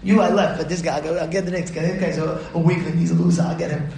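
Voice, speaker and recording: A man's voice: on the high side, fairly even intonation, quick pace, vocal fry, warm tone, very echoey, voice pushed down. A man voicing the evil inclination as a sly, scheming male tempter who mutters dismissively as he gives up on one victim and moves on to the next. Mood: grudging.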